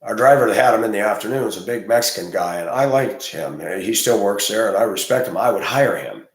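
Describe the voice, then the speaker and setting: A school bus driver with a fairly low, animated voice talks briskly in a blunt, opinionated monologue. He rambles and gets heated and loud, recorded in an echoey room.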